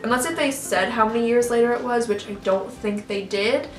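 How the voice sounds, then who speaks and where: A woman's voice: fairly high pitch, a little fast, distant mic. A young woman YouTuber rambling through a casual reaction rant, full of "like" and restarts. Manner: rambling, filler-heavy, lots of "like". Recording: echoey room, off-mic, faint music.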